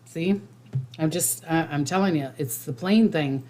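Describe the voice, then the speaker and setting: A woman's voice: low voice, unhurried, mellow. A woman hosting a casual psychic livestream, rambling with restarts and fillers and reading viewer comments aloud.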